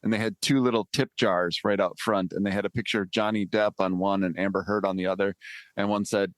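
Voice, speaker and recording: A man in his forties co-hosting a podcast in casual chat, laid-back and quick to laugh. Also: on the low side, fairly even intonation, no echo. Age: 40s. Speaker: podcast co-host.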